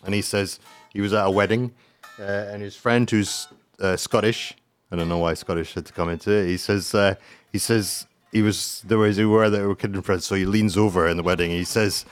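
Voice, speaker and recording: Chatty low-voiced man on community radio. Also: steady tone, brisk, soft background music. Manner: rambling, chatty, swears casually. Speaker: radio host. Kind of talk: casual radio chat.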